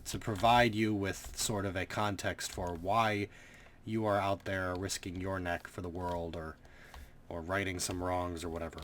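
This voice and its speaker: A man's voice: sits low, a bit bright, a little hiss or hum. A man giving casual, rambling gameplay commentary, sarcastic and swearing freely. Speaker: gaming commentator.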